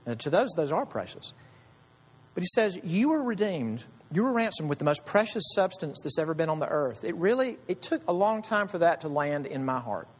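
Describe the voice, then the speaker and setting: A pastor preaches in a conversational way, firing off rhetorical questions to his congregation. His pitch rises and falls with a lot of life, sitting a little high for a man. The sound carries a long reverb from the church hall. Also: very animated, brisk. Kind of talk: sermon.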